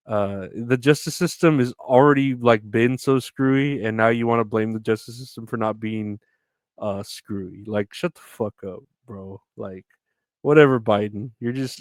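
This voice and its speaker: A man's voice: fairly low pitch, no room sound, studio quality. A man hosting a solo podcast, ranting in a profane, sarcastic way with crude jokes. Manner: profane, sarcastic, mocking quoted voices. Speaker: podcast host. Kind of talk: rambling solo podcast rant.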